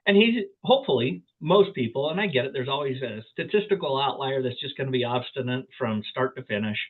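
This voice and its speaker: A man teaching a negotiation class in an animated way, often repeating words and asking rhetorical questions. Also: mid-range voice, a little fast. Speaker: real estate trainer. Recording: tinny phone-like audio.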